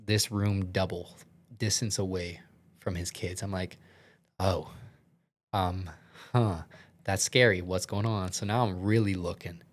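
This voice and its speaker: A man's voice: deep voice, steady tone, a little slow, long pauses. A young man, a podcast guest, telling a story in a casual, rambling way with many filler words and some swearing, earnest and shaken.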